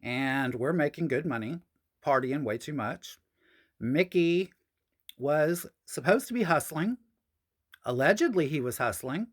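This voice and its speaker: A woman's voice: low voice, expressive, unhurried, long pauses. A woman telling a personal story on a podcast, frank and profane, with sassy asides.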